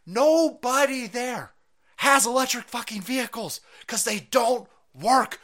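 A man hosting a livestream, ranting angrily and profanely with sarcasm and bursts of shouting. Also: extremely high pitch, takes it slowly. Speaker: streamer host. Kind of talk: angry political rant on a livestream.

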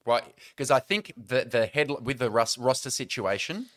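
A man's voice: mid-range voice, moderate pace, a bit bright. An Australian man hosting a sports podcast, casual, confident and joking. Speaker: podcast host.

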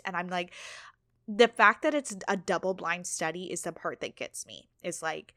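A woman's voice: lowish voice, moderate pace, fairly bright tone, no room sound, clean studio sound. A woman hosting a solo podcast, talking casually and candidly, swearing now and then and laughing at herself. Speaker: podcast host.

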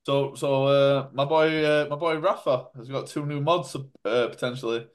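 A man co-hosting a podcast, chatting in an excitable, rambling way. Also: mid-range voice, normal speed. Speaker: podcast co-host. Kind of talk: casual chat.

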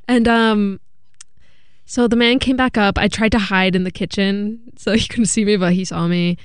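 A young woman co-hosting a podcast, telling a story in a lively way and acting out the voices of the people in it. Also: medium pitch, normal speed, smooth, no room sound, clean studio sound. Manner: animated storytelling, acting out quotes. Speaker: podcast co-host. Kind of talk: casual chat.

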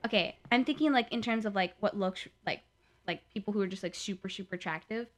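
A woman's voice: mid-range voice, fast talker. A woman from the Midwest co-hosting a podcast, chatting and teasing with lots of "like". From Midwest US, Milwaukee. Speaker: podcast co-host. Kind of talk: casual podcast chat.

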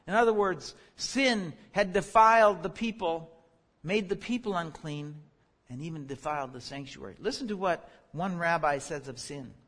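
A man with a notably high voice leads a Bible study lesson. He explains each passage earnestly and steadily, and his voice springs up when he acts out the cries he quotes. The sound carries a long, lingering reverb. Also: moderate pace, a bit bright. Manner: earnest teaching, rises sharply when crying out quotes. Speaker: Bible teacher.

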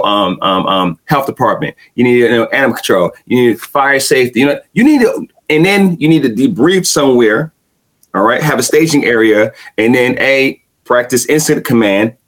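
A man's voice: medium pitch, fairly bright tone. A laid-back middle-aged man in casual conversation, often repeating himself and agreeing with "right.".

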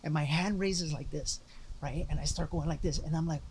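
A man's voice: on the high side, normal speed, darkish tone, a little hiss or hum. A man guest on a podcast, telling an earnest personal story with lots of fillers and restarts. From Latino background. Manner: earnest, emphatic, with many repeated fillers. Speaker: guest, life coach.

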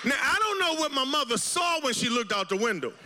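Against a noisy background, a male preacher delivers a brisk, sing-song sermon full of passion. His voice alternates between shouting and low, quiet tones, and he repeats phrases with rhythm.

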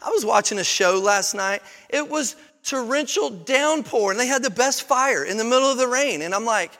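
A man delivers a sermon from the front of a church, his voice high and bright as it rings through a large hall with a long reverb. He preaches emphatically, piling up rhetorical questions and tripping over repeated words as he pushes his point. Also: expressive, moderate pace. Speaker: pastor. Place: church sanctuary.

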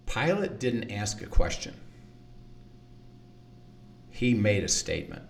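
A man's voice: on the low side, sing-song, slow pace, gravelly, distant mic, a little hiss or hum. A man teaching the Bible in conversation, earnest, acting out quoted lines and often repeating words.

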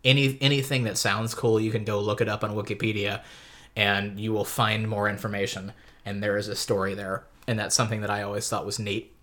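A man's voice: fairly low pitch, flat delivery, fairly quick, fairly bright tone. A man co-hosting a casual book podcast, rambling through enthusiastic tangents with restarts. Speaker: podcast co-host.

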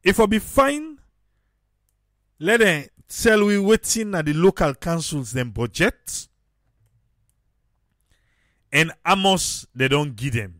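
A man speaking with a Sierra Leonean Krio accent delivers political commentary in a lively, swinging voice that rises higher than most. He talks slowly and repeats phrases for emphasis. The sound is close and dry, with no room echo. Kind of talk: casual commentary to camera.

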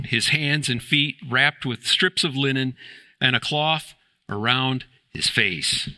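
A man preaching in a church with a very bright, forceful voice. He presses his points with rhetorical questions and rises to emphatic exclamations. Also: mid-range voice. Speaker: pastor. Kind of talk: sermon.

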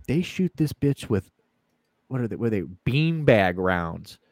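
A man's voice: mid-range voice, sing-song, unhurried, darkish tone, no room sound, clean studio sound. Rambling, swearing male podcast co-host. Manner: rambling, swearing, acts out voices in retelling. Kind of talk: casual chat.

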